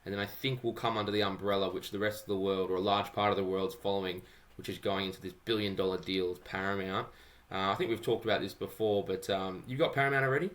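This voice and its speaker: An Australian man hosts a podcast in relaxed, chatty talk, tossing in "mate" as he goes. His voice sits low but sounds bright and forceful. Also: quick pace. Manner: upbeat, chatty, says "mate" often. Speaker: podcast host. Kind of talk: casual chat.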